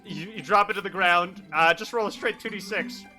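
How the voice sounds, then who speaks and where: A man's voice: high-pitched, brisk, soft background music. A man narrating an improvised tabletop game as game master, laughing often as he tells the scene. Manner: lively, laughing storyteller.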